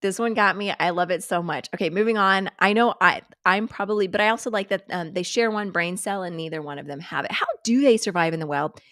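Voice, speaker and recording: A woman's voice: fairly low pitch, fast talker, few pauses, a bit bright, dry recording, clean studio sound. A woman hosting a live stream, chatting casually, giggling and swearing freely as she reacts to clips. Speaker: host.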